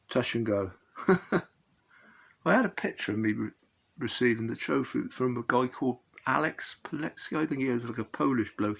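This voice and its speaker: A man's voice: medium pitch, gravelly. A middle-aged man, rambling and chuckling as he recounts an old fishing match, often correcting himself mid-sentence. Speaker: fishing channel host. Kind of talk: casual anecdotal storytelling.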